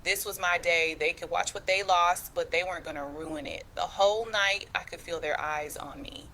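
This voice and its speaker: A woman's voice: on the low side, steady tone, normal speed, bright, forceful tone, slight background noise. A woman telling a personal family story in a casual, conversational way, with slang like "chile" and "girl" and a dialect flavor. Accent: African American English.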